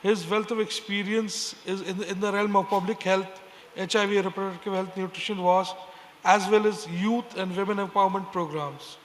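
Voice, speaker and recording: A man moderating a conference panel, introducing the speakers in a measured, formal way with frequent hesitations. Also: high-pitched, fairly even intonation. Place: conference stage. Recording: reverberant hall with faint noise.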